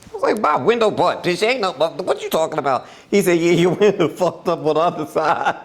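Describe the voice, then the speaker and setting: A woman's voice: fairly low pitch, very animated, fairly quick, vocal fry. A woman podcast host telling a story in casual, profane chat, acting out quotes and laughing often.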